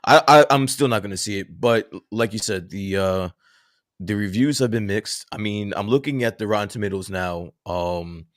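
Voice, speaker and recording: Deep-voiced laid-back male co-host. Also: normal speed, no room sound, studio quality. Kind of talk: casual chat.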